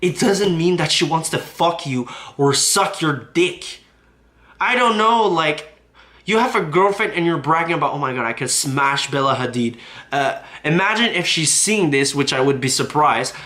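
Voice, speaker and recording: A man's voice: a little high, expressive, a little slow, bright, forceful tone. A man recapping online drama on his YouTube channel, profane and indignant as he talks. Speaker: YouTube commentator.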